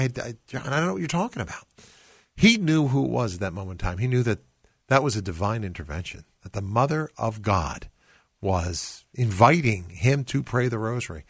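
A man with a fairly low voice hosts a faith call-in radio program, talking earnestly and personally to his listeners. He often restarts his sentences. The sound is close and dry, with no room echo. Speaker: radio talk show host.

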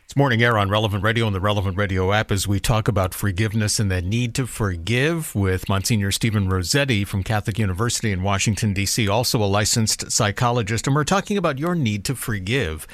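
A man's voice: on the low side, quick pace, hardly any pauses, no room sound. A man hosting a Catholic radio call-in show, introducing a guest and reading out the phone number. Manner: lively, repeats phone number in sing-song. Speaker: radio host.

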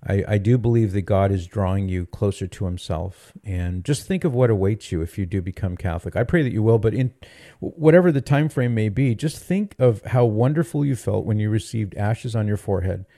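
A man's voice: lowish voice, lively intonation, fairly quick, hardly any pauses, mellow, no echo, studio quality. A man hosting a call-in radio program, reassuring and encouraging a caller. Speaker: radio show host.

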